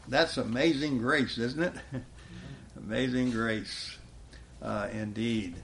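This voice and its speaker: A man's voice: medium pitch, slow, gravelly, long pauses. A man preaching a sermon in a folksy way, chuckling often and quoting scripture with rising emphasis.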